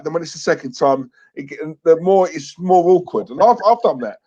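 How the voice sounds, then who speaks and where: A man's voice: on the high side, lively intonation, fairly quick, darkish tone, husky. Chatty man, muffled stream audio. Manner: chatty, laughs often, repeats phrases. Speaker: live stream co-host. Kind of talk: casual chat.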